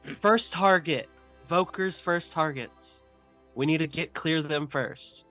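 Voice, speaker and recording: A man's voice: a little high, slow pace, music in the background. Reasoning man in a tabletop group. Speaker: player. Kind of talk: casual tabletop game play.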